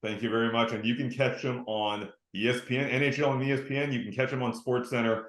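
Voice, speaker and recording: A man's voice: mid-range voice, steady tone, fast talker, fairly bright tone. Friendly male host in echoey room. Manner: enthusiastic, friendly. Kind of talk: casual interview chat.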